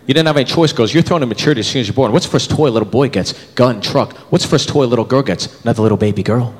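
A man's voice: medium pitch, animated, rapid-fire, background noise. A man in his thirties performing a stand-up comedy set, acting out characters in shifting voices. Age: 30s. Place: comedy club stage with live audience. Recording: live hall recording, crowd laughter.

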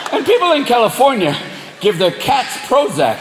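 A man doing crude, animated stand-up comedy on a live stage. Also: very high-pitched, moderate pace, a little hiss or hum. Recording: live hall echo, loud crowd.

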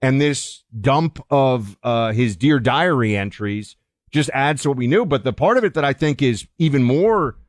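A man co-hosting a political talk show, indignant, his voice swinging high when he gets heated. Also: animated, normal speed, no room sound, studio quality. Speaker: radio co-host.

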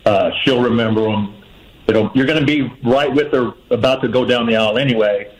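A man's voice: mid-range voice, brisk, poor audio. A man phoning in to a radio show, offering friendly, earnest advice and repeating his main point. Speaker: caller. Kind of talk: phone-in advice.

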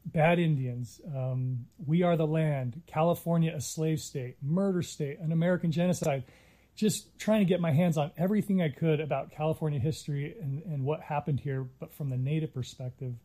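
A man's voice: fairly high pitch, moderate pace, warm tone. A middle-aged man speaking earnestly in an interview, telling a story with many small restarts. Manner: earnest, reflective, with frequent restarts. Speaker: interviewee, Native filmmaker.

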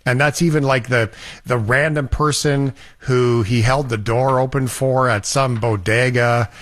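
A man's voice: medium pitch, fairly even intonation, unhurried, no room sound. Easygoing male host, dry close sound. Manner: reflective, easygoing, joking. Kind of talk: casual chat.

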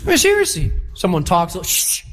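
A man preaching a sermon as a pastor, animated and acting out the people he quotes. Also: high voice, normal speed, long reverb tail, over music.

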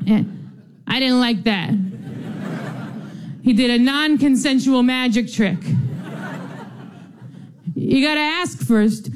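A woman's voice: fairly high pitch, slow pace, long pauses. A young adult woman performing a stand-up comedy set on stage with wry, offbeat one-liners.

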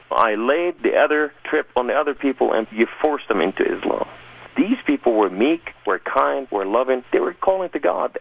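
A man's voice: medium pitch, creaky. A man earnestly telling his life story as a guest in a radio interview, heard over a tinny phone-like line. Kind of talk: personal testimony in a radio interview.

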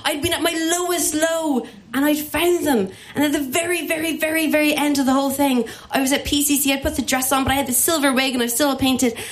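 An Irish woman telling a comic personal story live, animated and self-mocking, acting out the voices of the people in it. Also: sits high, fast talker, few pauses. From Ireland.

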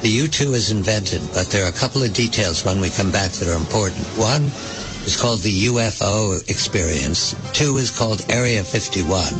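A man with a low-pitched voice hosts a radio interview. He talks in a relaxed, conversational way and sets up his guest with leading questions. Soft music plays faintly behind him. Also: normal speed, low-quality recording. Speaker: radio host.

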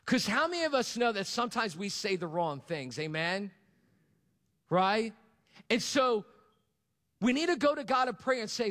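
Male pastor, sermon, high voice, long hall reverb, asks for responses. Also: sing-song, normal speed, long pauses, sharp tone. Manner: preaching to a congregation, calls for responses, repeats lines for emphasis. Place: church hall.

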